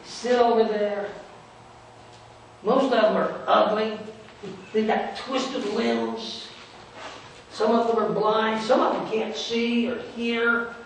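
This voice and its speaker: A male pastor voices a sneering roadside merchant grumbling about beggars, in a first-person dramatic sermon monologue delivered in a church sanctuary. His very high-pitched voice is sarcastic and scornful, with a steady tone, a slow pace and long pauses, and his storytelling is dismissive. It's recorded from a distant mic in an echoey church with faint hiss.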